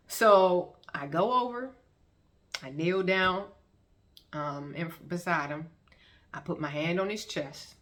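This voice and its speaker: Woman, low pitch, casual storyteller, colloquial, laughs a lot, talks to viewers. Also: measured pace, fairly bright tone. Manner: colloquial and chatty, often laughing, addresses viewers directly. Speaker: vlogger sharing her testimony.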